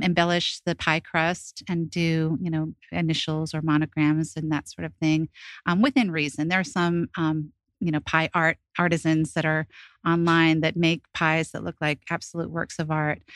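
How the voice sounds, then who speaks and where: A woman speaks in a fairly low voice, answering questions as a guest on a radio show. She explains things in a friendly, patient way, with the odd "um". The sound is close and dry. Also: a bit bright, dry recording. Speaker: guest, pie shop owner. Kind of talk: radio interview.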